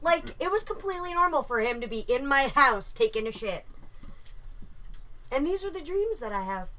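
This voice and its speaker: Animated, bright-voiced woman telling a story. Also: high-pitched, normal speed. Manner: animated, swears freely. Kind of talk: casual storytelling.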